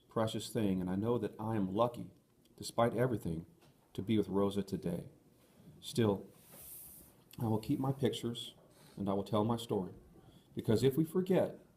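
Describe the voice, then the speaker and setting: A man narrating a novel aloud in the first person, measured and earnest. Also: lowish voice, dark tone. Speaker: audiobook narrator.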